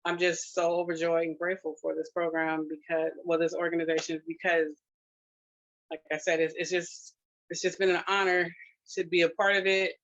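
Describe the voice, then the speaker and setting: A grandmother sharing a personal testimonial, emotional and close to tears, talking in a halting way with many fillers and restarts. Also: fairly low pitch, level tone, fairly bright tone, dull audio. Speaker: grandmother sharing her family's experience.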